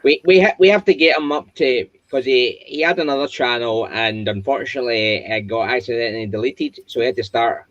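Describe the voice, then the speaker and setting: A man's voice: medium pitch, brisk, hardly any pauses, fairly bright tone, no room sound, dull audio. Enthusiastic jokey man on a call. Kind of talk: casual video call chat.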